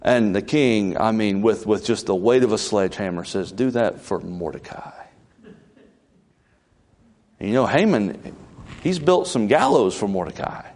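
A man preaching a folksy, conversational sermon as pastor, with sudden leaps in pitch. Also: animated, normal speed, a little mellow.

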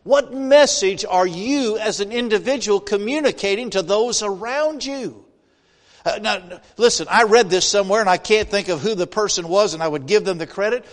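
A man's voice: high-pitched, moderate pace. A man preaching a sermon as a guest preacher in a church. He speaks in a folksy way, asks the congregation many questions, and builds to emphatic points. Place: church sanctuary. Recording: long reverb of a large hall.

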